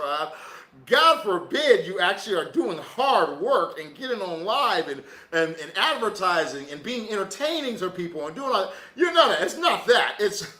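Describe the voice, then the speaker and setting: Man, high and bright voice, casual slangy tarot reader on a livestream who laughs a lot, echoey room. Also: sing-song, moderate pace. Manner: laughing, slangy, joking asides.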